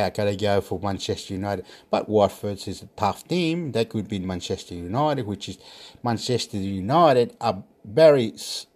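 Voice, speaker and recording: A man's voice: mid-range voice, darkish tone. Rambling man muttering to himself. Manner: talks to himself, mutters and swears. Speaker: vlogger giving football predictions. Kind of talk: casual rambling monologue.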